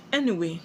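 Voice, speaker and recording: A woman's voice: lowish voice, a little mellow, slight background noise. A woman with a Nigerian accent giving a spiritual sermon, preachy and full of rhetorical questions she answers herself. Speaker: spiritual teacher.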